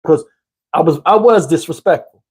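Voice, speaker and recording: A middle-aged man from New Jersey telling a comic story in a casual, animated, profane way, talking to listeners as y'all. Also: on the high side, normal speed, slightly rough.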